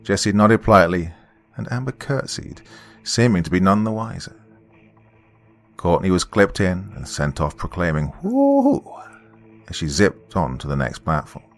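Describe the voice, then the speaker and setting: A man narrating a first-person horror story in a measured voice that drops to a hush at tense moments. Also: low-pitched, faint music behind.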